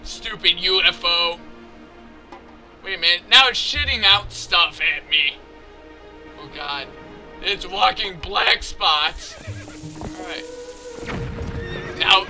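A man's voice: high-pitched, slow, pauses often. A young man giving crude, joking commentary while playing a video game and talking to its characters. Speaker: let's play gamer. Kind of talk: casual gameplay commentary. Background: game music.

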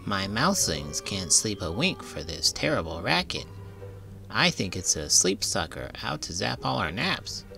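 A man's voice: lowish voice, very animated, unhurried, gravelly, pushed and bright, full character voice. A man playing a weary storybook mouse dad, frazzled and grumbling, his voice raised a little above the narrator's own. Faint music runs underneath. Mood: worried. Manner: frazzled, complaining. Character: tired, frazzled male mouse father.

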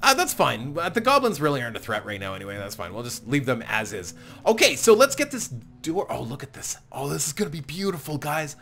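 Animated man narrating a game. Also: on the high side, brisk, creaky, faint music behind. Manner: apologetic, chatty, self-mocking, laughs often. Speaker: gaming channel host. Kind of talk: casual let's-play commentary.

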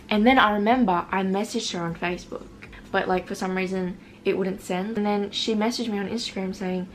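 A woman's voice: medium pitch, fairly even intonation, a little fast, hardly any pauses, a little hiss or hum. Chatty self-mocking teen girl vlogger. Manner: reads out old messages in put-on voices. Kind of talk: casual storytime.

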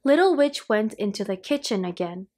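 A woman reading a children's storybook aloud, in a clear storytelling manner. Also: mid-range voice, lively intonation, moderate pace, darkish tone. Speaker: storybook reader.

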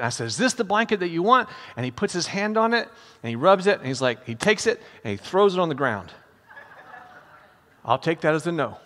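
An older male pastor with a bright, forceful voice pitched a little high tells a story from the pulpit. His delivery is casual and chatty, and he keeps calling his listeners friends. A long church reverb trails behind every phrase. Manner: conversational, addresses listeners as friends. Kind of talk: storytelling sermon. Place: church sanctuary.

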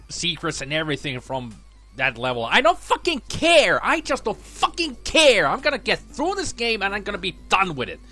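A man doing a let's play commentary, grumbling and mumbling to himself and bursting into shouted curses. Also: on the high side. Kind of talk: frustrated gameplay commentary.

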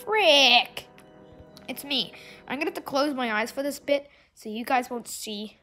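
A young female gamer giving excitable gameplay commentary, often breaking into shrieks and exclamations. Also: high voice, unhurried, soft background music.

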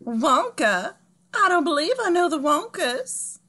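Eine Frau, die eine tratschende, snobistische Erbin mit dickem Südstaatenakzent in einer komödiantischen Lesung spricht. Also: female voice, sits high, sing-song, unhurried, sharp tone, full character voice. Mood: gossipy, gushing. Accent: Southern US. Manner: chatty, affected, gossipy. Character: gossipy, snobbish Southern heiress, woman. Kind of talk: comedic table read.

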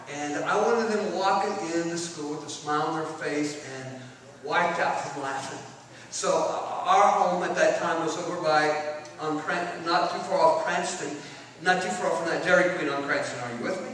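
A middle-aged man speaks at a conference, telling stories in an animated, high and bright voice. He sits far from the mic in a big echoing hall with a long reverb, and a faint hiss runs under him. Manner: animated, shouts out his own stories. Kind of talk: storytelling talk.

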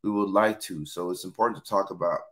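A man hosting a casual live-stream talk, a little hoarse, chatting and reading out viewer comments. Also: sits low, steady tone, fast. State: hoarse from yelling. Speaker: host.

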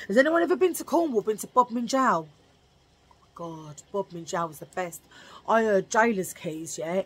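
A woman's voice: mid-range voice, a bit bright. A woman vlogger telling a rambling story in a chatty, jokey way, laughing at her own remarks.

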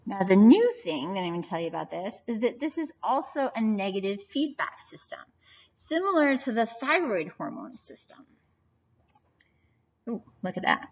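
A woman's voice: mid-range voice, sing-song, moderate pace. A woman in her forties giving a recorded anatomy lecture, chatty and often checking in with "right?". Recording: slightly dull, lo-fi audio.

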